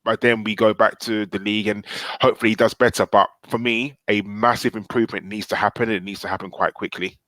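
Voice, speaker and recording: A man joins a casual live podcast as a panelist, his voice on the low side and recorded quite dry. He is blunt and insistent and keeps repeating his points to drive them home. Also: steady tone, fast, fairly bright tone, dry recording.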